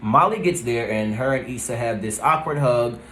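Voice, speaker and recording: A man giving a casual, rambling recap of a TV episode, often pausing with "let's see" and "um". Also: mid-range voice, a bit bright, slight background noise. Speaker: TV review vlogger. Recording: roomy echo.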